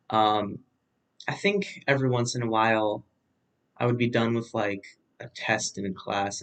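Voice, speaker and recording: A man's voice: lowish voice, low-quality recording. A young man co-hosting a casual stream, musing hesitantly with frequent fillers. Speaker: co-host. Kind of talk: casual chat.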